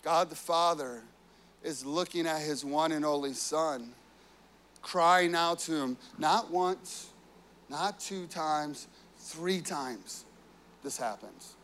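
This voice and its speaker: A man's voice: a little high, slow pace, fairly bright tone. A man preaching a sermon, earnest and personal, telling family stories with frequent "you know"s. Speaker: pastor.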